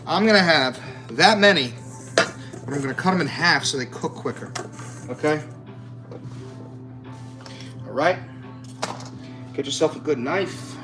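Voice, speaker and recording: A man's voice on the high side takes its time, leaving long pauses. As a home cook vlogger, he cooks in his kitchen while chatting to camera in a brash, joking way, swearing freely, and music plays behind him.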